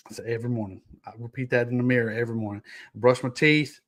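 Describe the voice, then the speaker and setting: A man's voice: medium pitch, fairly even intonation, racing, a bit bright. A young man hosting a casual solo podcast, reading notes aloud and joking with his live chat, laughing often. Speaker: podcast host.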